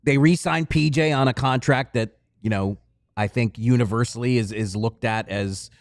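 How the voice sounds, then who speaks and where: A man co-hosting a sports podcast, explaining in a measured, detailed way. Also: mid-range voice, dry recording. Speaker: podcast co-host. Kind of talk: casual sports podcast analysis.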